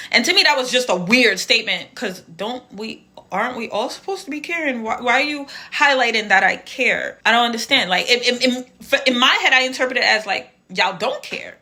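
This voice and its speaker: A woman telling a personal story in a casual, animated, slang-filled way. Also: fairly high pitch.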